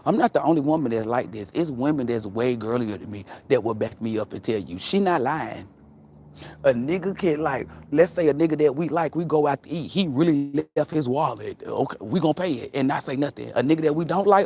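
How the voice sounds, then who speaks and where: A woman's voice: extremely low pitch, animated, a little fast, darkish tone, husky. Woman on a live stream, blunt and cussing a lot, laughs a bunch, voice swings all over. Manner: blunt, profane, laughing storyteller. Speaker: livestream host. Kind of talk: casual livestream chat.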